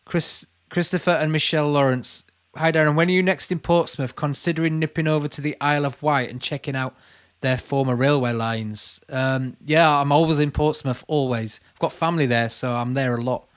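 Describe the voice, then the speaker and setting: A man's voice: on the high side, fairly even intonation, fairly quick, smooth. Chatty Lancashire man on a livestream. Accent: Lancashire English. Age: late 30s. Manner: chatty, calls viewers mate, reads comments aloud. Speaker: channel host answering live chat. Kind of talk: casual livestream chat.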